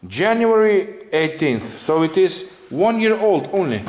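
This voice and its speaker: A man's voice: high-pitched, very animated, measured pace, a little mellow. A man co-hosting an RC unboxing who drops dry, joking remarks. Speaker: co-host. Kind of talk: casual unboxing chat. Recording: reverberant room with faint noise.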